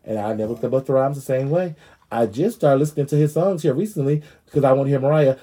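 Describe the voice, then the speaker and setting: A fast-talking show host with a husky, dark, medium-pitched voice runs a sassy comedy commentary program. He delivers brash, profane rants and dishes gossip in a rolling, opinionated flow.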